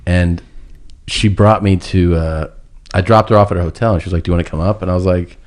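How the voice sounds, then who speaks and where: Low-voiced man telling a rambling story. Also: steady tone, fast. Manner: rambling, laughs through his own story. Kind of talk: casual podcast storytelling.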